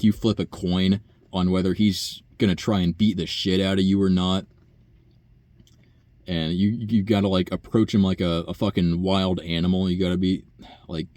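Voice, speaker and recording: Deep-voiced man in a profane rambling rant. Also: a little mellow, dry recording. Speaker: nursing home worker. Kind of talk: casual rant monologue.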